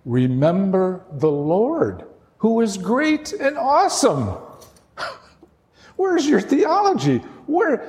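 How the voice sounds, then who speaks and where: A man's voice: sits high, darkish tone, long reverb tail. A man preaching a sermon as pastor, earnest and emphatic.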